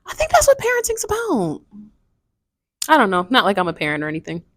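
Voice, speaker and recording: A woman's voice: medium pitch, huge pitch swings, quick pace, a bit bright, no echo, studio quality. A woman in her twenties chatting casually and frankly about a book she read, rambling and swearing now and then. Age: 20s. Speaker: book reviewer. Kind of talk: casual book review chat.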